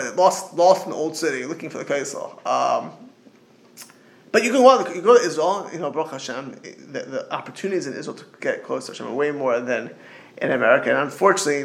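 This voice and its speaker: A man's voice: medium pitch, creaky. A middle-aged man giving an informal religious talk as a rabbi, rambling and digressive with frequent restarts and storytelling asides.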